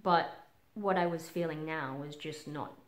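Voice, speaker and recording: A woman in her twenties with an Australian accent, talking frankly in a personal vlog, halting with many ums and casual swearing. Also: low voice. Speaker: vlogger. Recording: roomy echo.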